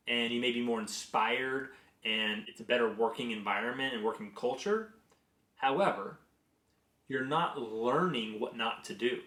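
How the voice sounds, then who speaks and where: A man in his thirties, a business executive, sharing career lessons through earnest, conversational personal stories. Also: medium pitch. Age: 30s. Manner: conversational, earnest, animated in anecdotes. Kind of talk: reflective personal storytelling and advice. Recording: roomy echo.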